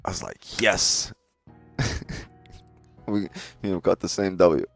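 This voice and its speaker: A man putting on an excited high-pitched viewer with a put-on accent. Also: slow pace, gravelly, soft background music, heavily acted. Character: excited male viewer reading his chat message, put-on accent.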